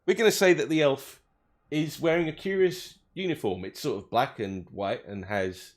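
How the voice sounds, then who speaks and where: A man's voice: mid-range voice, normal speed. A man running a tabletop game as game master, joking around and laughing often.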